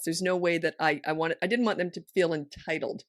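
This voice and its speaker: Frank, lively woman parenting coach. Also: fairly low pitch, no echo, studio quality. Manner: frank, lively storytelling with quick asides. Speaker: parenting coach and podcast host. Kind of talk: casual podcast chat.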